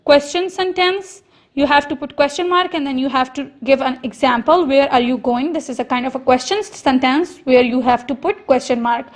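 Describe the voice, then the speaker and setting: High-voiced woman teacher explaining slowly. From Pakistan. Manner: slow, repetitive explaining with stressed example sentences. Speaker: school teacher. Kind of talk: recorded online lesson.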